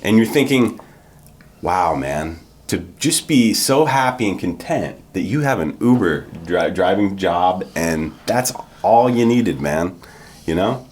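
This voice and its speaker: A man's voice: deep voice, lively intonation, unhurried, darkish tone. A man co-hosting a podcast, telling a story in casual chat and saying "man" a lot. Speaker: podcast co-host.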